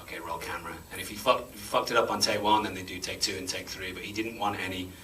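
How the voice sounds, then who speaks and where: A man, an actor answering audience questions after a screening, chatty and self-deprecating and quick to laugh. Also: fairly low pitch, steady tone, sharp tone. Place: cinema auditorium before an audience. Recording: distant mic with faint room noise.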